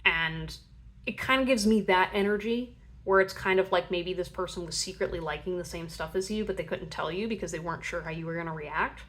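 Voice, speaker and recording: A woman's voice: on the low side, brisk, a bit bright. Young woman, casual tarot reader, rambling chatty delivery with playful acted-out voices. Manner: chatty, rambling, full of fillers; acts out playful voices for imagined people.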